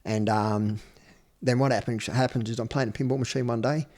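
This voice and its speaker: A man's voice: medium pitch, fairly even intonation, a little fast, a little mellow. An Australian man in his fifties, a guest telling his life story with blunt, profane candor. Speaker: interview guest. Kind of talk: candid personal storytelling.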